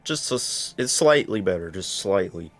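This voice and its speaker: A man's voice: deep voice, animated, moderate pace, faint music behind. A man co-hosting a casual chat, speaking hesitantly with fillers and sighs. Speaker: co-host.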